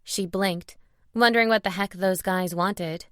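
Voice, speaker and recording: A woman narrating a novel audiobook in a steady, expressive reading. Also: medium pitch, measured pace, clean tone, no room sound, clean studio sound. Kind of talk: scripted narration.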